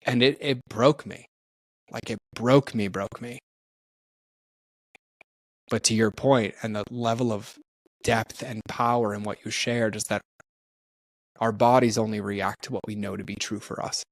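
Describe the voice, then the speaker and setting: Middle-aged guy, kinda low voice, dry close mic, chatty storytelling, does the quotes out loud. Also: unhurried, long pauses, no room sound. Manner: animated, acts out quoted dialogue with many "like"s. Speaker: podcast guest, personal development trainer. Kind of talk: candid storytelling in conversation.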